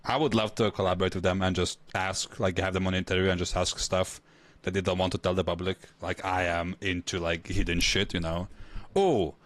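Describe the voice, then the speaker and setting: A man's voice: low-pitched, flat delivery, a little fast, a bit bright, no room sound. A man casually chatting and reacting as a streamer, rambling and laughing often.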